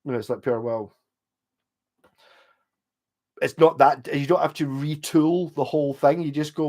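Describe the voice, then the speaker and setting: A man's voice: on the high side, steady tone, fairly quick, few pauses, a little mellow. A man chatting casually on a livestream, rambling and swearing freely. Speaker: livestream host.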